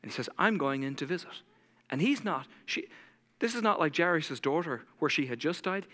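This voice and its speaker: A man's voice: a little high, animated, normal speed, sharp tone, long reverb tail. A man preaching a sermon as pastor, telling stories dramatically and acting out the voices of the people in them.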